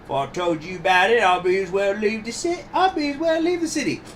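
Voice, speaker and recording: A man's voice: sits high, fairly quick, fairly bright tone, distant mic, a little hiss or hum, pitched above the performer's own voice. A man voicing a sly, unflustered Cockney brothel madam, reading game dialogue aloud in a chirpy, evasive manner. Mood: cheeky, evasive.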